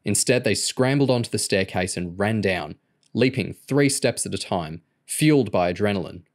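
Low-voiced man reading an audiobook. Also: animated, normal speed. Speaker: audiobook reader. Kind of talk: audiobook narration.

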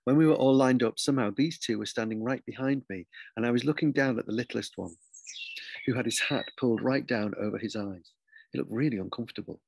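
A man reads his children's story aloud with lively, expressive storytelling. His voice is gravelly and a little husky, sitting mid-range for a man. The recording is dry and close. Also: mid-range voice, fairly quick, no echo. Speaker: author reading his book.

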